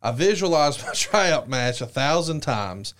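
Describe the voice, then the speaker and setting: A man's voice: on the high side, very animated, measured pace, fairly bright tone. A man hosting a podcast interview, reading book passages aloud and asking follow-up questions. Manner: prompting, reads quoted passages then asks follow-ups. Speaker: podcast host.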